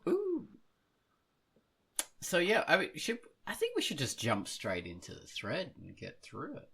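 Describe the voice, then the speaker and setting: Man, podcast host, casual chat, slow, lively pitch, rambling and self-correcting. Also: vocal fry, husky.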